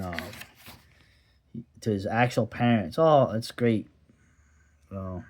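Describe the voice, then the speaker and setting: A man talks through an old comic book in a loose, rambling way, wandering off into asides. His commentary is casual and often sardonic. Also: mid-range voice.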